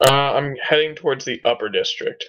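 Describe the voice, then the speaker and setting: A man's voice: mid-range voice, fairly quick, dull audio. A man playing a tabletop game over voice chat, joking with the game master in a wry way. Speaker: player. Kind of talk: casual tabletop play.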